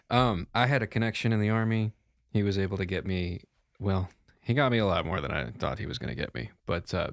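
A man's voice: deep voice, creaky, no echo, studio quality. A man playing a smuggler in a tabletop role-play, talking in an easygoing, persuasive salesman patter. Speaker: player voicing a smuggler.

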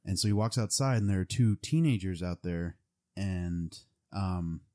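Rambling young man with a deep dark voice. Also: measured pace. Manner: rambling, full of "like" and "um". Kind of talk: casual chat retelling a movie plot.

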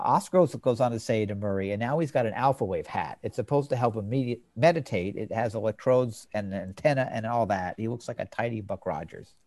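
Man host, casual and informative, low voice, dry close mic. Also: a little mellow, no echo. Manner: informative, reads scene quotes aloud. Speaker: podcast host. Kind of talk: casual chat, retelling scenes.

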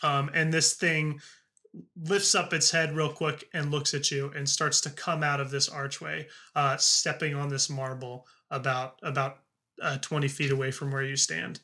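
A man narrating as game master of a tabletop game, halting with frequent ums and uhs. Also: on the high side, flat delivery, pushed and bright.

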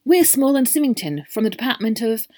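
A woman's voice: fairly high pitch, sing-song, brisk, dark tone, no room sound, voice pushed up. A woman voicing a nervous, apologetic tall male official who speaks hesitantly and pleads.

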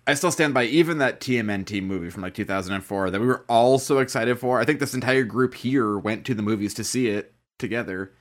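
A man co-hosting a casual podcast chat, telling animated stories and swearing freely. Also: medium pitch, fast, few pauses. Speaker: podcast co-host.

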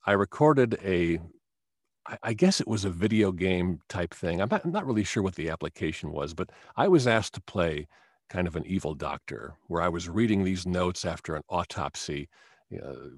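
A man's voice: low-pitched, breathy edge, no room sound, clean studio sound. A man who works as a voice actor, telling stories as a guest in a casual interview. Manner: storytelling, animated, with quick restarts.

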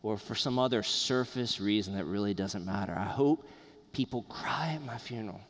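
Pastor guy, kinda low voice, earnest sermon, big church echo. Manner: earnest, conversational preaching with pauses. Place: church sanctuary.

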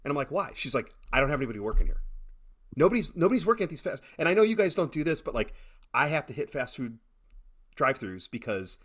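A middle-aged man chatting casually on a podcast, telling animated stories with many repeated starts. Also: on the high side, quick pace. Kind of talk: casual chat.

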